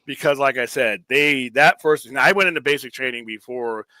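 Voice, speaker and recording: A man casually telling army stories, animated and profane, acting out the voices of the people he quotes. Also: medium pitch, normal speed, no room sound, poor audio. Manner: animated, profane, acts out quoted drill sergeants. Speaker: podcast host. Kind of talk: casual storytelling chat.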